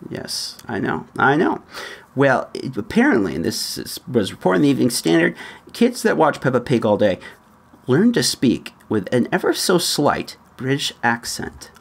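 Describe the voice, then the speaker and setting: A man's voice: medium pitch, gravelly, husky. A man hosting a solo podcast, chatting through news items with frequent laughs and offhand asides. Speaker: podcast host.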